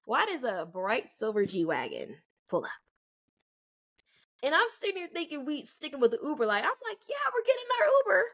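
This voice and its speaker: With a fairly high pitch and a moderate pace, a young adult woman shares a story while co-hosting a podcast. Her delivery is lively: she acts out what people said and leans heavily on "like."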